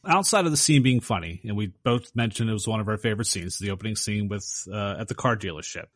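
A man's voice: on the low side, expressive, fast, dry recording. A man co-hosting a movie podcast, agreeable and steering the segments. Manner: dry, agreeable, runs segments. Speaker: podcast co-host. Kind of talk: casual podcast chat.

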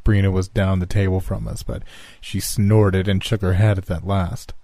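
A man narrating a horror story in a calm, even storytelling manner. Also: low voice, moderate pace, dry recording.

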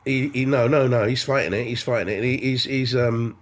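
Middle-aged male football pundit co-host; hesitant, halting, mid pitch. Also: steady tone. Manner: hesitant, restarts, many ums. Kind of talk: casual chat.

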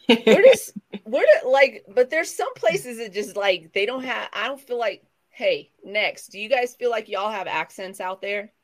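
A woman's voice: mid-range voice, lively intonation, moderate pace, few pauses, a bit bright. A woman from the American South co-hosting a casual live stream chat, rambling and trailing off into new thoughts. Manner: chatty, rambling, trails off and restarts mid-thought.

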